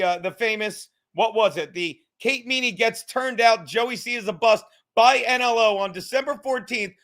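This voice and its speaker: A man's voice: sits high, bright, forceful tone. Fired-up, profane man ranting on his podcast. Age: 30s. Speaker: podcast host. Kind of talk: profane livestream rant. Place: home, sitting on his couch.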